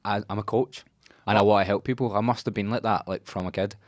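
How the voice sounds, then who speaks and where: A man's voice: lowish voice, steady tone, fast talker, no echo, studio quality. A man hosting a casual podcast chat, a coach who swears freely and laughs often as he talks.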